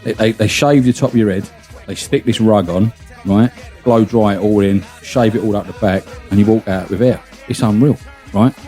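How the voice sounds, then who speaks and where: A man's voice: fairly low pitch, moderate pace, mellow, soft background music. A man hosts a podcast, telling a long anecdote in casual chat, swearing freely and laughing as he goes. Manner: chatty, swears freely, laughs through his stories. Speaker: podcast host.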